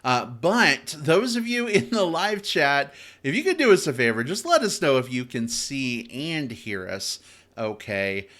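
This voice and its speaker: A man hosting a film podcast, opening the show and chatting playfully with his co-hosts. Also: medium pitch. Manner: animated, playful. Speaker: podcast host. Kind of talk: casual chat.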